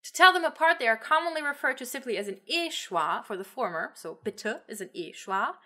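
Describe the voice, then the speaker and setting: A woman explaining pronunciation to camera as a language teacher, clear and patient, saying example words slowly. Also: fairly high pitch, expressive, bright, forceful tone.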